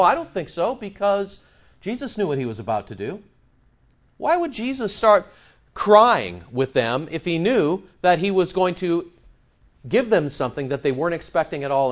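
A male pastor preaching a sermon with emphatic stress that swings between loud points and soft asides. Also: on the high side, muffled recording.

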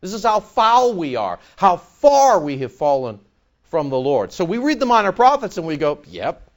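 A man preaching a sermon, animated and conversational, acting out other people's voices in his stories. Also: high voice, moderate pace. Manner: animated, mimics voices in anecdotes. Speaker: pastor.

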